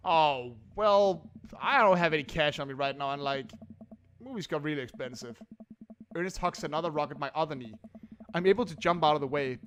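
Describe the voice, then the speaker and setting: A young man casually narrating a dating game playthrough in a wry, jokey manner. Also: fairly high pitch. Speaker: gameplay narrator. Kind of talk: let's play narration.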